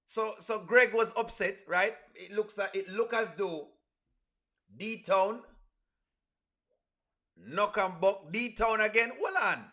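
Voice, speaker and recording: Casting: chatty male live-stream host, high, bright voice, reading viewer comments aloud. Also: takes it slowly, long pauses. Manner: reads viewer comments aloud, shouting out cities; chatty, addresses viewers as friends. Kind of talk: casual live stream chat.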